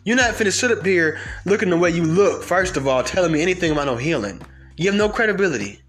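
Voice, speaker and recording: A man's voice: high voice, lively intonation, fast talker, fairly bright tone. Heated, profane man ranting. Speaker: podcast host. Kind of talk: ranting monologue.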